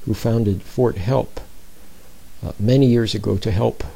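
A man's voice: fairly low pitch, steady tone, unhurried, vocal fry, mellow, breathy edge, rough recording. A man giving an informal, conversational sermon, often checking in with his listeners. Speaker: speaker giving a Bible talk.

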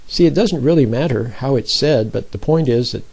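Gravelly, husky man giving a talk. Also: medium pitch, normal speed, a little mellow, rough recording. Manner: informal, checks in with listeners with repeated "see?". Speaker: speaker giving a Bible talk. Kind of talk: conversational sermon.

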